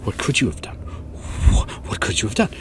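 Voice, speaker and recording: A man's voice: slight background noise, close to an everyday voice. A man voicing Lance, a guilt-ridden young man who stammers through apologies and pleas. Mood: self-reproach. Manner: halting, repeating himself, pleading.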